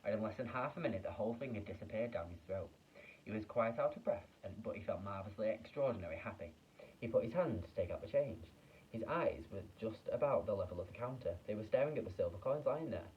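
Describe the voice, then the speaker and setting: A man, a teacher, reading a children's book aloud with expressive storytelling and small slips. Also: on the low side, fast, recorded from a distance, dull audio, slight background noise.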